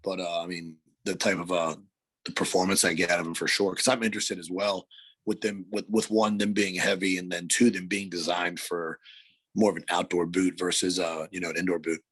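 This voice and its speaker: Rambling raspy-voiced man, lowish pitch. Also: level tone, brisk, fairly bright tone, no room sound. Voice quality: slightly raspy from allergies. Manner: loose, rambling, heavy filler words and slang. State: allergies, raspy. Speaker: podcast co-host. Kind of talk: casual chat.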